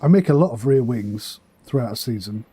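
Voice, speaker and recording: A man's voice: medium pitch, lively intonation, a little fast, dark tone, slightly rough. A man streaming a management game for charity, thinking aloud with dry asides and a slightly tickly throat. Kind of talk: casual charity livestream commentary.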